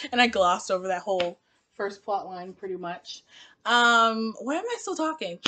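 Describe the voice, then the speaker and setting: A woman's voice: medium pitch, a little slow. A woman reviewing a TV episode in a casual vlog, chatty and exasperated, laughing often. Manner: animated, laughing, exasperated asides. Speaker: TV show reviewer.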